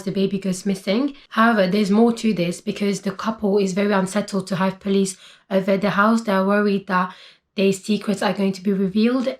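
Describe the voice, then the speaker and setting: Young woman doing a book haul video, chatty, says "like" and "basically" a lot, mid-pitched voice. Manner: chatty, lots of fillers like "like" and "basically". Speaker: book vlogger. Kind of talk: casual book haul chat.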